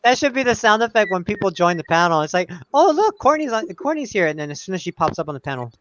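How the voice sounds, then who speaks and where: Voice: medium pitch, animated, racing, fairly bright tone, clear, resonant tone, no echo, muffled recording. A participant joking around in casual chat on a live stream, often breaking off mid-sentence. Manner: joking, self-interrupting. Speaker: livestream participant.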